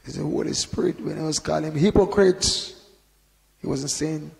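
A man giving an informal sermon in a conversational preaching manner, often adding "you know" and then bursting into loud emphasis. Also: on the high side, moderate pace, vocal fry, in a large hall. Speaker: Bible teacher.

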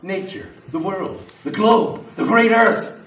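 A man's voice: medium pitch, big pitch swings, moderate pace, lightly acted. A man acting a grandiose, lonely figure who is fire itself, in a live spoken-word stage show, swinging between boasting and apology. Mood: grandiose menacing. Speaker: stage performer. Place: theatre stage. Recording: roomy live venue from far off.

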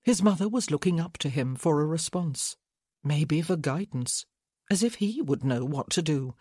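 An audiobook narrator reading a romance novel in a measured way. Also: mid-range voice, lively intonation, a little mellow, husky, no room sound, clean studio sound. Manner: slow, measured. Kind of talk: scripted narration.

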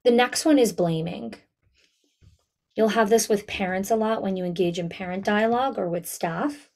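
A woman coaching school leaders in an online town hall, talking directly and lively to her audience. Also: mid-range voice, normal speed. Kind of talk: webinar talk.

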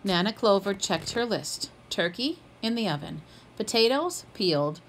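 A woman's voice: medium pitch, expressive, normal speed, slight background noise, rough recording. A woman reading a children's picture book aloud, lifting her voice for the characters' quoted lines. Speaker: storybook reader.

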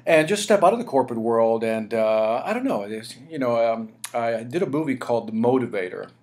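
Brief: man in his forties, radio interview guest, energetic storyteller, voice swings up and down a lot. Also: mid-range voice, brisk. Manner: animated, energetic storyteller peppering "right?" and "you know". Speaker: interview guest, sales speaker.

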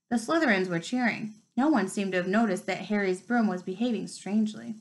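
A woman's voice: medium pitch, a little fast, hardly any pauses, poor audio. A woman reading a novel aloud, telling it expressively and rising with the action. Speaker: reader.

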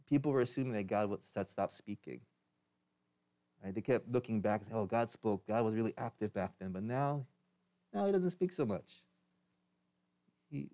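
A man's voice: on the low side, mellow. A man preaching a sermon as pastor, in a conversational way with restarts and light laughs.

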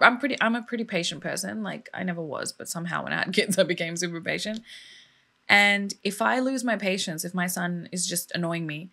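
A woman in her thirties or younger narrates a true crime case straight to her viewers, in a loose, chatty way. She sounds moved and quick to voice outrage, with a voice of middling pitch for a woman. She keeps the tone personal, as if talking with a friend. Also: creaky, sharp tone. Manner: emotional, indignant and conversational. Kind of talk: casual storytelling vlog.

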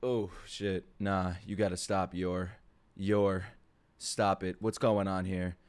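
A young man giving a profane, jokey reaction to an anime opening, swinging between low murmurs and excited shouts. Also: slow. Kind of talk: live reaction commentary.

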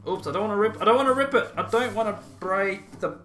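A man's voice: high-pitched, quick pace, sharp tone. A young man chatting casually through an unboxing, with playful, self-mocking asides. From Australia. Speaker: YouTuber. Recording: roomy echo, faint music.

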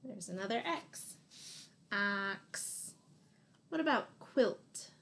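A woman teacher leads a phonics lesson for young children. She speaks slowly and patiently at a middle pitch, sounds out each letter and gives encouraging praise.

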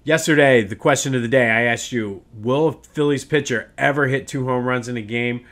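A man's voice: medium pitch, normal speed, a bit bright. A man hosting a casual solo sports podcast, ranting in a worked-up way with many restarts.

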